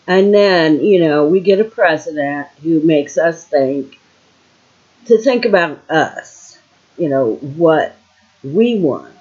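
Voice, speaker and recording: An older woman from Ohio muses aloud at home in a slow, unhurried drawl, wandering from thought to thought with plenty of fillers. The recording sounds dull and lo-fi. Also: deep voice, expressive, darkish tone. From Ohio, USA. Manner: meandering, with many fillers and trailing thoughts. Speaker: vlogger. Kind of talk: casual rambling monologue.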